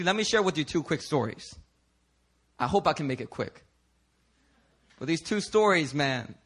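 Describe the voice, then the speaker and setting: A male pastor from Philadelphia preaching a sermon in a conversational, animated storytelling way, dropping to a hush and then rising loud. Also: fairly high pitch. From Philadelphia, United States. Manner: animated, conversational, swings from hushed to loud while telling stories. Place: church service.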